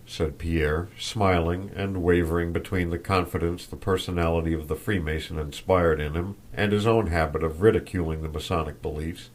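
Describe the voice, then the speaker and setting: A deep-voiced man narrating an audiobook in measured, even tones. His low register stays steady as he carries the story along. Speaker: audiobook reader. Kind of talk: scripted narration.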